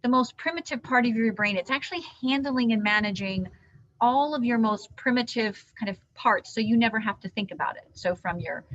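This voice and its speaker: A woman trainer giving an animated live training talk to caregivers, teaching with hand gestures. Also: on the high side, fairly quick. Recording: dull lo-fi sound.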